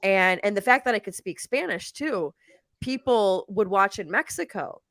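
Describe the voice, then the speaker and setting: A woman's voice: medium pitch, animated, moderate pace, a bit bright, dry recording. A woman lawyer chatting casually on a live video call, telling stories animatedly and laughing often. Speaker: lawyer co-host on a live stream.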